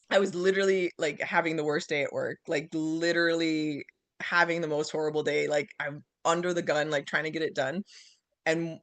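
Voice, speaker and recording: A woman's voice: deep voice, a bit bright, dry recording. Brief: woman, gushing and breathless, laughing, dry video call sound. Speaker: guest sharing her success. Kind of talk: casual video call chat.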